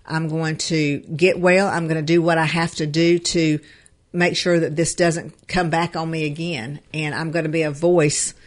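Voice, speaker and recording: A woman's voice: deep voice, flat delivery, normal speed. A woman co-hosting a live show, speaking earnestly with many fillers and restarts. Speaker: show co-host. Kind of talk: casual live show talk.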